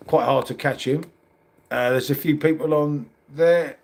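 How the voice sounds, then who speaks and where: A man's voice: on the high side, fairly even intonation, measured pace, vocal fry, a little mellow. A middle-aged man with a London accent, chatting casually on a livestream and reading out comments, calling everyone mate. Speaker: livestream host.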